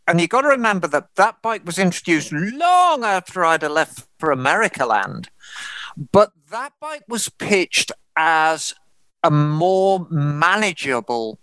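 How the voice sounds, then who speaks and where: A woman co-hosting a podcast in casual chat, emphatic and animated. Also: on the low side, no echo. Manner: emphatic and animated, with quick repeated no's. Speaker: podcast co-host.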